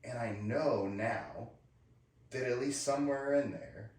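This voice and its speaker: A man's voice: medium pitch, slow, darkish tone. A man in his thirties co-hosting a podcast, telling candid personal stories in a casual chat and acting out the dialogue. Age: 30s. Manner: candid storyteller, acts out dialogue. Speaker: podcast co-host. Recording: echoey room, far from the mic.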